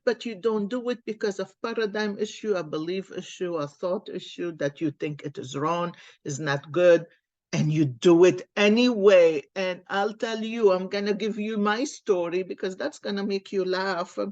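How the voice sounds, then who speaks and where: A woman's voice: medium pitch, normal speed, darkish tone, no room sound, muffled recording. A woman card reader telling a personal story in a casual, earnest, encouraging way.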